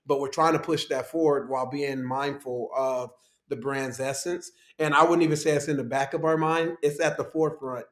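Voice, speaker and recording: A man's voice: mid-range voice, steady tone, moderate pace. A man, a guest on a podcast, talking easygoing and laughing often as he tells stories. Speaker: guest, technology executive. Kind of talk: conversational podcast interview. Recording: roomy echo.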